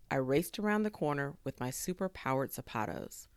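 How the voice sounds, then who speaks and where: A woman reading a children's chapter book aloud, expressive and full of sound effects. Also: a bass voice, brisk, a little hiss or hum. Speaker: story reader.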